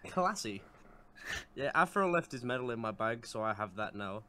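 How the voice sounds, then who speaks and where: A man's voice: medium pitch, lively intonation, moderate pace, a crowd in the background. A man co-hosting a podcast in casual chat, teasing and dry. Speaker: podcast co-host.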